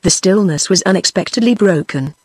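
A synthetic woman's voice with a British accent, reading a story aloud in a steady, machine-like way and sometimes speaking punctuation marks. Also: mid-range voice, brisk, breathy edge, no echo. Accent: British English. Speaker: audiobook narrator. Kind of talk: text-to-speech book reading.

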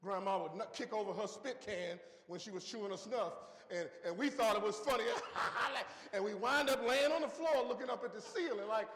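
A man with a strikingly high voice preaches a sermon. He tells folksy stories and keeps asking the congregation "okay?". The sound rings around a big church hall with a long reverb. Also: moderate pace, few pauses, a bit bright. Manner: folksy storytelling with frequent "okay?" check-ins. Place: church sanctuary.

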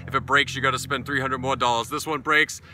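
A man's voice: mid-range voice, fairly even intonation, fast talker, pushed and bright, a little hiss or hum. A middle-aged man from New England with a New England accent, reviewing a beer in a casual, blunt, profane and sarcastic way while sitting out in his backyard. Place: backyard outdoors.

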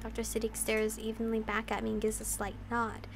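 A woman's voice: a little high, completely flat delivery, brisk, creaky, background noise. Woman reading a visual novel aloud. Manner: emotional reading with giggly asides. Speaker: video game player reading aloud. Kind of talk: visual novel let's play with commentary.

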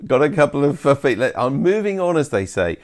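A man's voice: medium pitch, sing-song, brisk. A man hosting a live club show, interviewing a guest with encouraging interjections. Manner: encouraging interjections, light laughter. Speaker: host.

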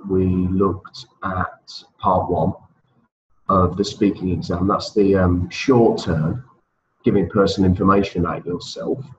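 Man, English teacher, patient word drills, low voice, echoey room, faint background hum. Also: fairly bright tone, lo-fi sound. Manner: slow, patient, drills words for repetition. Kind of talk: bilingual exam-prep lesson.

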